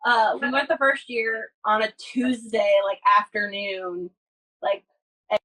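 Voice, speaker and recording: A woman's voice: mid-range voice, measured pace, sharp tone, low-quality recording. A woman chatting casually from across the room, rambling and correcting herself as she goes.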